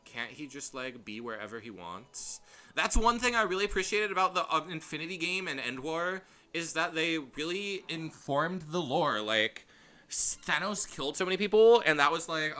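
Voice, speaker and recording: A man chatting through a blind game playthrough, rambling and animated as he goes off on tangents. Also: fairly high pitch, moderate pace. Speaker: game streamer. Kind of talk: casual gameplay commentary.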